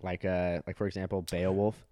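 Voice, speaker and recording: A man's voice: low voice, level tone, normal speed, dark tone, no echo. A young man telling a crude anecdote in casual chat, full of fillers like "like". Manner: loose, filler-heavy storytelling. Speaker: comedian, podcast guest.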